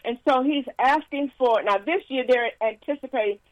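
A woman minister giving a casual sermon with stories and announcements, lively and laughing, with frequent praise interjections. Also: high-pitched, normal speed, dry recording, low-quality recording.

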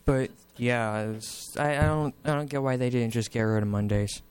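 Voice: mid-range voice, moderate pace, darkish tone, clean tone, no room sound. Chill teen cohost, short answers, dry close sound. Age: teens. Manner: laid-back, short replies. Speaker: student radio co-host. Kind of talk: casual chat.

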